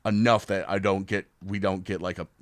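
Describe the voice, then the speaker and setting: A man's voice: low voice, brisk, slight background noise. A young man, a podcast guest telling stories in casual chat and acting out the voices of other people. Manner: animated storyteller, acts out quoted voices loudly.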